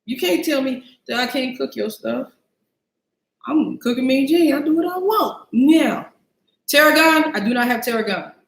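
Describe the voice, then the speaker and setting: A woman with a high-pitched voice and some vocal fry hosts a live cooking stream from her home kitchen at a normal speed. She chats casually with viewers and mocks herself along the way, in roomy-sounding audio.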